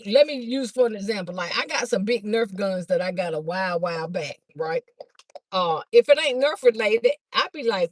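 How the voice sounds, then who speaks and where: A woman chatting fast on a phone livestream to her viewers, a bit out of breath as she walks from a car through a garage into a house. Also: medium pitch, expressive, no echo. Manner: chatty, talks fast to viewers, calls them "y'all". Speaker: livestream host and vendor. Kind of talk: casual livestream chat to viewers. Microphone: phone held by hand.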